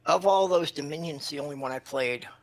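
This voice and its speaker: A man's voice: on the high side, a little fast, rough recording. A man co-hosting a casual podcast chat, with dry, wry remarks. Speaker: podcast co-host.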